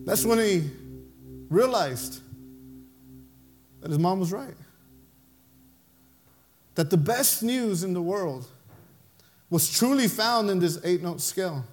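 Very high-voiced impassioned male preacher. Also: animated, slow pace, pauses often. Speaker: pastor. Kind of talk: sermon with storytelling.

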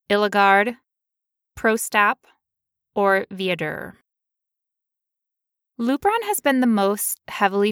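Woman podcast co-host, chatty explainer, easy laughs, dry close mic, even middle pitch. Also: clean tone, no echo. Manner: playful, laughs often, explains at length. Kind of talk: casual podcast chat.

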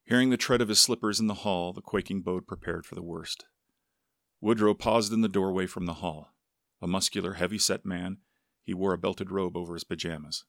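A man reading a novel aloud in steady storytelling narration. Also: sits low, brisk, gravelly, no room sound, clean studio sound. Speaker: audiobook narrator. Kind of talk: scripted narration with character voices.

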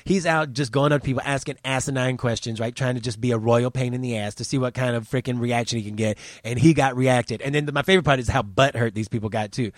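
Male host, profane, mocking, lively rants, dry booth sound. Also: mid-range voice, fast talker, hardly any pauses, no room sound. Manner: animated, crude, mocking. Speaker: host of a commentary show. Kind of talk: casual profane news commentary.

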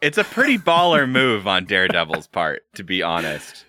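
A man's voice: low voice, huge pitch swings, normal speed, bright, forceful tone, no room sound, studio quality. A man co-hosting a podcast in loose casual chat, laughing often and swearing freely. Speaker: podcast co-host.

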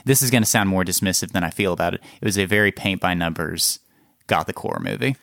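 A man's voice: sits low, fast, creaky, a bit bright, no room sound. A man from Oklahoma co-hosting a film podcast, talking with dry, sardonic wit. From Oklahoma, USA. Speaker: podcast co-host. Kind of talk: casual film discussion.

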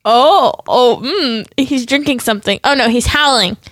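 Give me a woman with a high, unhurried voice describing and guessing clues at a family game night, recorded close and dry. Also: fairly bright tone, no room sound. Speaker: game player. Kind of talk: casual game night chat. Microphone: close podcast mic.

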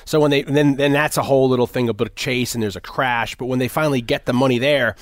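A man in casual conversation, retelling film scenes in a rambling, animated way and acting out lines in a loud voice. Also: mid-range voice, fast talker, no echo, studio quality. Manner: animated retelling, acts out movie lines loudly.

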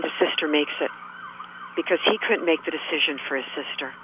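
A man's voice: a little high, fairly quick, noisy background. A man giving a reflective talk radio monologue, musing aloud and asking many rhetorical questions. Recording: tinny phone-line sound.

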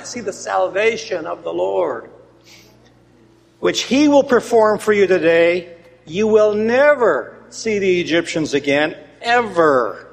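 High, gravelly-voiced preacher in a hall. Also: male voice, lively intonation, takes it slowly. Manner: swings between loud emphatic reading and quiet asides. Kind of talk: sermon with scripture reading. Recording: long hall reverb.

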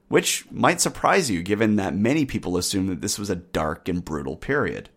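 A man hosts a history podcast in a low, very expressive voice that rises and falls freely. His scripted narration is wry and conversational. He slips in casual jokes. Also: normal speed, few pauses, husky.

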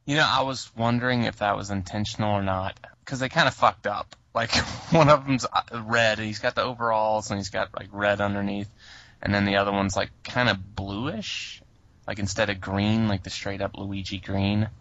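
A man's voice: on the low side, little pitch movement, normal speed, fairly bright tone, dry recording. Laid-back man, dry lo-fi sound. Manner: loose and chatty, laughing along. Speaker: podcast co-host reviewing a film. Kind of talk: casual chat.

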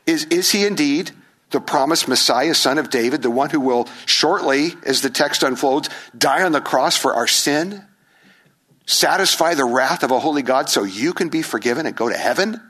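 A male pastor preaching a sermon, animated, asking the congregation rhetorical questions and acting out crowd voices. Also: fairly high pitch, moderate pace.

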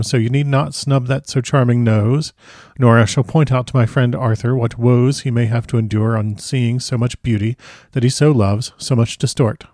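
A man voicing an old foreign professor who speaks grave, broken formal English in a measured way. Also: medium pitch, a little mellow, no echo, clean studio sound, natural voice. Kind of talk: audiobook character reading.

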